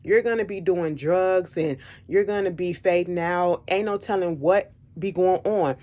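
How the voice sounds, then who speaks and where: A woman chatting to her viewers in a casual storytelling vlog, low-ish voice. She is animated and emphatic, driving her points home by repeating them. Her delivery is blunt and unfiltered. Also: measured pace. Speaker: vlogger.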